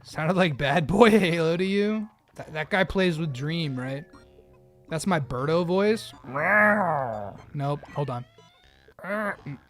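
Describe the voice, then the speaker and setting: Joking streamer man, slightly high voice. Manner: jokey, rambling, quick to laugh, tries out voices. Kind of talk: casual live-stream chat while gaming.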